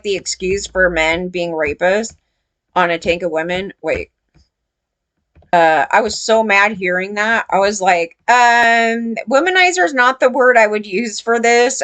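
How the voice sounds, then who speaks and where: A woman talking straight to her audience in loose commentary. She is blunt and profane, full of "like" and "you know", and her voice leaps up when something outrages her. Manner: blunt, profane, rambling with many fillers; animated, jumps in pitch when outraged. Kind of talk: casual reaction commentary.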